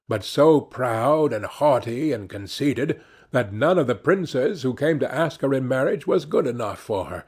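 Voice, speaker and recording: Slow, gravelly male storyteller. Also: medium pitch, a little mellow. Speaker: audiobook narrator. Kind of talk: scripted narration.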